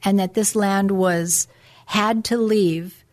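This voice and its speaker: A middle-aged woman talks earnestly on a religious talk program. She lectures in a preachy way, slowing down for solemn passages. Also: mid-range voice, fairly even intonation, a little mellow. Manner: earnest, preachy, reads documents aloud. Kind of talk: religious political talk show.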